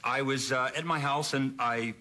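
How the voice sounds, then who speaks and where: A man appearing as a talk show guest, telling anecdotes in an animated, self-deprecating way. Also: medium pitch, normal speed. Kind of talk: anecdotal storytelling. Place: TV studio.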